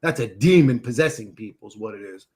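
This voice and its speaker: A man's voice: on the low side, lively intonation, a little fast, a little mellow, husky. Brief: male streamer, heated profane rant, reacting to chat. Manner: agitated, profane, talks back to chat comments. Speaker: livestream host reading chat. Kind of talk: casual livestream rant.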